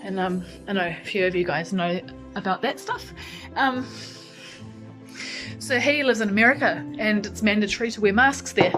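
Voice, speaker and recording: A woman's voice: medium pitch, normal speed, pauses often, rough recording. A woman chatting casually to camera at home, thinking aloud and rambling with lots of ums. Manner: talks to her cat mid-story. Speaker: vlogger. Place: at home in her lounge. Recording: music playing behind.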